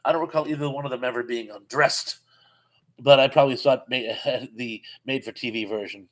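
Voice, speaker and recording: A man's voice: mid-range voice, fairly even intonation, fairly quick, a bit bright, rough recording. A man in his fifties hosts a casual live chat, reading out comments and musing on them. His mid-range voice rambles along, tripping over restarts and breaking into chuckles.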